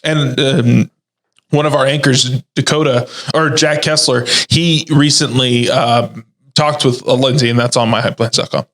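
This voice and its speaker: A man's voice: mid-range voice, steady tone, unhurried, fairly bright tone. Laid-back young guy, easygoing chat. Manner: laid-back, enthusiastic, says "dope" and "dude". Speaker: digital reporter guest. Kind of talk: casual chat.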